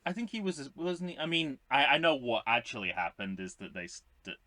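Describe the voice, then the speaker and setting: A man's voice: mid-range voice, animated, brisk, bright, forceful tone, no echo. A man co-hosting a podcast in casual chat, joking wryly with lots of restarts. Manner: wry, joking, many restarts. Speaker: podcast co-host.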